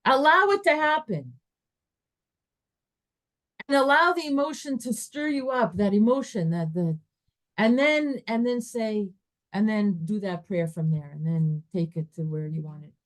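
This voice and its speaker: A woman's voice: mid-range voice, normal speed. A woman teaching a Torah class, telling a story and acting out its dialogue with her voice rising and falling.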